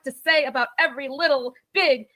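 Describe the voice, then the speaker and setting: A woman's voice: sits high, fairly quick, pushed and bright. A woman chatting on a podcast in a mocking, gossipy way. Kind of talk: casual chat.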